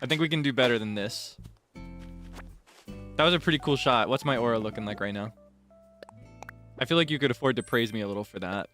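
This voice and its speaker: A man streaming a life-sim game, chatting playfully and dramatically, swinging between deadpan asides and giggling. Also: medium pitch, a little fast. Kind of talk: casual game stream chat. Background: game music.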